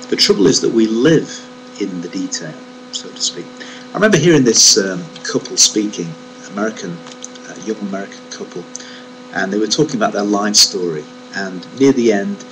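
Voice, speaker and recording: A man's voice: on the low side, low-quality recording. Man preaching over a mains hum. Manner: emphatic, rhetorical questions, stresses key words. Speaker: Bible teacher giving a short devotional. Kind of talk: reflective devotional talk. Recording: steady mains hum under the voice.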